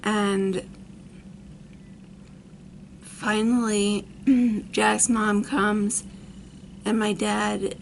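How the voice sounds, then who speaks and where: Slow, gravelly-voiced woman telling a story. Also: mid-range voice, flat delivery, slight background noise. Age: 30s. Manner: rambling, full of "like" fillers. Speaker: vlogger. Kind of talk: storytime monologue.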